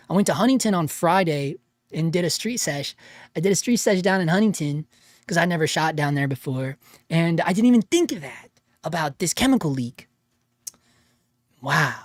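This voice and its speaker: A man's voice: high voice, no echo, studio quality. A man hosting a casual livestream, reading chat aloud in a laid-back way, laughing often and calling people dude and bro.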